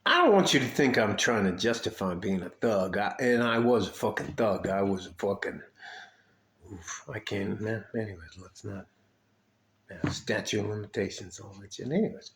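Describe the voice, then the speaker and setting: An older man from Detroit telling rambling, profane army stories in a casual way, with frequent asides and throat clearing. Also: fairly low pitch, a bit bright, slight background noise. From Detroit, USA. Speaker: army veteran storyteller. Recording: echoey room.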